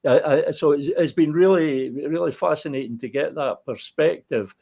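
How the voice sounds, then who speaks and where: A man from Fife, hosting an interview in a thoughtful, hesitant way with many pauses and restarts. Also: a little high, vocal fry, dark tone. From Fife, Scotland. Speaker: interview host. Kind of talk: conversational interview.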